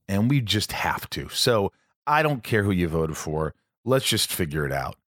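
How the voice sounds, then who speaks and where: A man hosting a podcast, his voice very low, rambling and cursing freely as he chats. He jumps into sudden high, excited bursts, and the recording is close and dry. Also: moderate pace, no room sound. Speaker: podcast host. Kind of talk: casual podcast chat.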